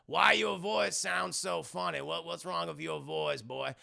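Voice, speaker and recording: A cantankerous old uncle, as a man puts him on, grumbling crude remarks in a lower, gravelly voice. His delivery is gruff and contemptuous. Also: steady tone, measured pace, pushed and bright, full character voice.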